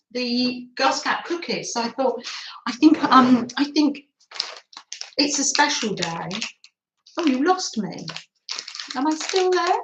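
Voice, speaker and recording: Woman, craft stream host, giggly and chatty, lively sing-song delivery, phone mic in an echoey room. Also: high voice, noisy background. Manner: chatty, giggly, reads out viewer comments. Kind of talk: casual live chat with viewers.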